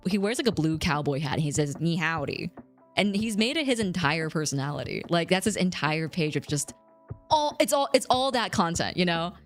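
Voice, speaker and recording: A woman around thirty streams and chats casually, reading out messages from her viewers. Her voice sits low but swings widely in pitch when she gets animated. Faint music plays under her talk. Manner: reads chat aloud, animated, laughs often. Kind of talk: casual chat with live chat.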